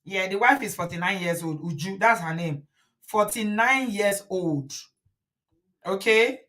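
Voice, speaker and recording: A woman's voice: mid-range voice, measured pace, fairly bright tone. A woman in her forties with a Nigerian accent, giving outspoken, emphatic commentary as host of her own channel and slipping into Pidgin. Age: 40s. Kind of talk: opinionated commentary.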